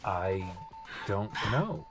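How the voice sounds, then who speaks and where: A reader plays a nervous, easily startled grown man in a storybook, speaking in short, stammering bursts. The voice stays near the narrator's own, with a lively pitch. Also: very slow, faint music behind, full character voice. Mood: flustered. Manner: stammering, flustered. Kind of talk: audiobook character reading.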